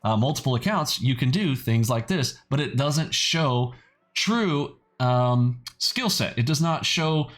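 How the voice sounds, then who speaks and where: A man's voice: medium pitch, lively intonation, measured pace. A man hosting a trading channel in a casual, blunt and skeptical way, often adding "okay" as he talks. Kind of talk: casual video commentary.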